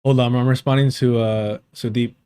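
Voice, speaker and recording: A man's voice: medium pitch, fairly even intonation, normal speed, warm tone, smooth. A man hosting a live stream in casual, rambling chat, laughing often and swearing freely.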